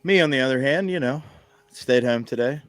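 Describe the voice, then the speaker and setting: A man's voice: medium pitch, brisk, fairly bright tone, no room sound. A laid-back, wry man hosting a casual wrestling podcast while sick with a cold. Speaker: podcast host. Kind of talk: casual chat.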